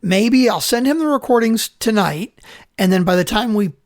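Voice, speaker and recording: A man co-hosting a podcast in casual chat, excitable and rambling, swearing freely. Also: high voice, moderate pace, no room sound, studio quality. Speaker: podcast co-host.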